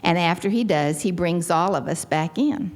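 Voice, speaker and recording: Texan lady in her sixties telling her story, kinda low voice, dry funny jokes about herself, jumps up high when it gets dramatic. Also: moderate pace. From Texas. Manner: wry self-deprecating humor, lively storytelling with sudden jumps up in pitch. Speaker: convention speaker sharing her recovery story. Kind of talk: personal storytelling talk.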